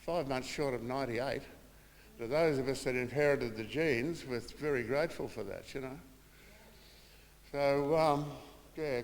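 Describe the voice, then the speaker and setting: An older man with an Australian accent gives a eulogy for his mother, telling family stories, acting out the voices he quotes and chuckling as he goes. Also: medium pitch. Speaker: son giving a eulogy. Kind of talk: funeral eulogy with anecdotes. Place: small funeral room. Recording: reverberant room with long echo.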